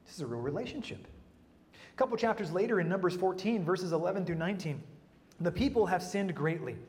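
A man preaching a sermon in a lively way, with humorous asides and frequent restarts. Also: high voice, brisk, big-room sound.

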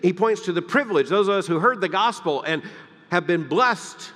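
A man from the Deep South, preaching a sermon, emphatic and swinging between loud peaks and hushed, quiet lines. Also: animated, moderate pace, in a large hall. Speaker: pastor. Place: church sanctuary.

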